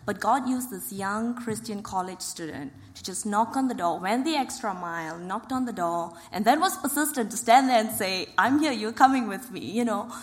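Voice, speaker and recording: A woman calmly telling a church testimony in steady storytelling. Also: medium pitch, moderate pace, few pauses. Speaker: ministry worker. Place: church hall. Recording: reverberant hall.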